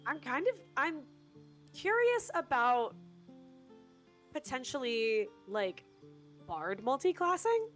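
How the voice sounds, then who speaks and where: A woman's voice: sits high, sing-song, slow pace, long pauses, soft background music. A woman live-streaming a co-op game, chatting casually and rambling with lots of fillers and restarts.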